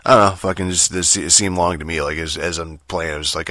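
A man's voice: low-pitched, steady tone, fast, hardly any pauses, sharp tone, dry recording, clean studio sound. A young man rambling through a casual, profane gaming rant, full of fillers and restarts. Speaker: gamer vlogger.

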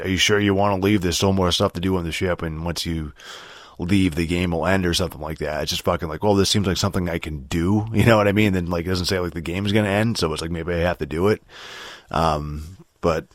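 Young male streamer, very low voice, dry close sound, frustrated rambling rant full of swearing. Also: no room sound. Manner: frustrated, rambling, swears a lot, many fillers and restarts. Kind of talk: casual rant about a video game.

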